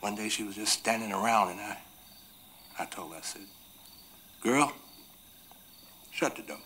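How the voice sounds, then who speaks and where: In a 1980s TV film drama, an actor plays a tender, remorseful runaway man on a raft, speaking a rural Southern US dialect. He tells his story slowly and from the heart, often sinking into hushed whispers. His voice is on the low side with fairly even intonation, and a little hiss or hum is audible.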